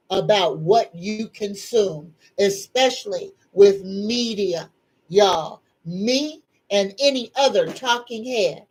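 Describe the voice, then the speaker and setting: A middle-aged woman hosts a casual livestream, speaking very slowly. She greets viewers in a folksy, drawn-out way and addresses them as a group. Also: mid-range voice, darkish tone, slightly rough, rough recording. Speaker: psychic livestream host. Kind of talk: casual live-stream chat.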